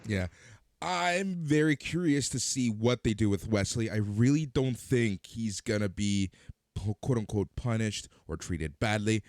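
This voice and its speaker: A man's voice: on the low side, animated, a little slow, a little mellow, no echo, studio quality. A man co-hosting a podcast, casually chatting about wrestling with teasing, sardonic jokes. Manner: sardonic, teasing, joking jabs. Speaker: podcast co-host. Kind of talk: casual wrestling review chat.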